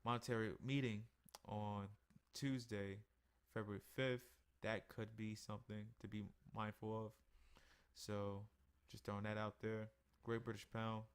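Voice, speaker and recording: In a relaxed weekly market review shared on screen, a drowsy forex trading analyst talks through his charts, yawning as he goes. His voice is lowish and clean-toned, delivered at normal speed in an easy conversational way.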